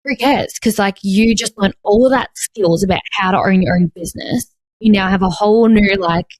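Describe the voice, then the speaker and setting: A woman's voice: mid-range voice, moderate pace, darkish tone, dry recording. Chatty woman, dry close sound. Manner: chatty, heavy use of "like". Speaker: podcast co-host. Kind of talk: casual podcast chat.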